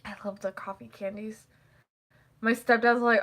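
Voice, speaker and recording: Young woman vlogger, bright voice, rambling and giggly, breaks into high squeaky quotes. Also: steady tone, normal speed, long pauses. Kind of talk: casual chat.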